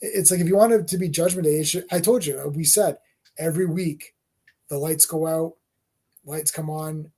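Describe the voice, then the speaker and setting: Male co-host, casual, rambling, restarts a lot, voice on the high side. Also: fairly even intonation, mellow, slightly rough. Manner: rambling, halting, repeats words. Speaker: podcast co-host. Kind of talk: casual chat reviewing wrestling.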